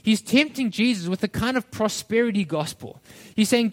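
A male pastor preaching a sermon, addressing listeners as friends and acting out the quoted voices with animated shifts. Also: high voice, moderate pace, hardly any pauses.

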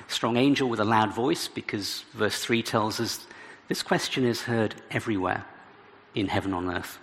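A man's voice: on the low side, moderate pace, a bit bright. A man preaching an expository sermon, reading scripture aloud and adding dramatic emphasis as he explains it. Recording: reverberant hall with faint background noise.

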